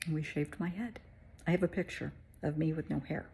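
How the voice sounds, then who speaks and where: A woman's voice: sits low, fairly even intonation, a little fast, vocal fry, warm tone, husky. A woman, a therapist, candidly telling her own story in a conversational, emotional way. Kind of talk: personal storytelling vlog.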